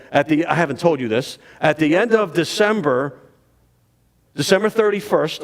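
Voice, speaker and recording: A man giving a dramatic, animated storytelling talk on history to an audience. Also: a little high. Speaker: history speaker.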